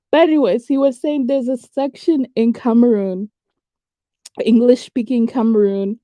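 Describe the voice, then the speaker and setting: A woman's voice: fairly high pitch, unhurried, warm tone, no room sound. A woman hosting a reaction video, talking casually and thinking aloud as she comments. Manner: conversational, thinks aloud with fillers and hedges.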